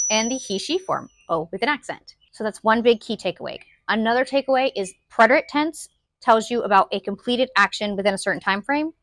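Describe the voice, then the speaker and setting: A woman's voice: mid-range voice, a bit bright. A woman teaching a Spanish lesson in a casual, upbeat way, quizzing the viewers as she goes.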